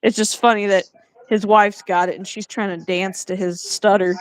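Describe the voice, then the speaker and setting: A woman chatting casually on a home livestream, teasing her co-host and telling animated stories with frequent laughs. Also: medium pitch, moderate pace, clean tone, no echo. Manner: teasing, animated storyteller who laughs often.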